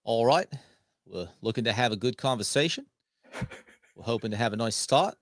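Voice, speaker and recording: A man guesting on a sports podcast, talking through ideas in a relaxed, playful way. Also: medium pitch, normal speed, no room sound, studio quality. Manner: relaxed, playful, thinks aloud. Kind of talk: casual sports chat.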